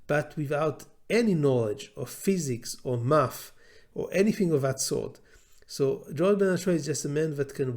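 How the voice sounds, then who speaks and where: A man's voice: mid-range voice, darkish tone. Blunt Israeli-accented man lecturing. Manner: hesitant, many filler sounds. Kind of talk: unscripted lecture.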